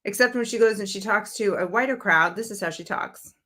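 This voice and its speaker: A woman's voice: medium pitch, fairly quick, background noise. A woman from Brooklyn hosting a political commentary show, blunt and sarcastic in a conversational way. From Brooklyn, New York, USA. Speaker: host.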